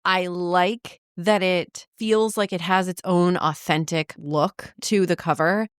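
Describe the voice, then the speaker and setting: A woman's voice: lowish voice, steady tone, slow pace, smooth, dry recording, studio quality. A woman co-hosting a book podcast, speaking bluntly and swearing freely in casual chat.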